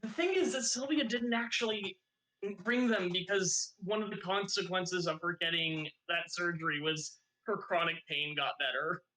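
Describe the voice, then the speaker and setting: A man chats through a tabletop game, rambling and restarting as he explains his character. His voice is slightly high and bright. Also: moderate pace, rough recording. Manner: rambling, laughs often, repeats words. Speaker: player. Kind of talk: casual tabletop game chat.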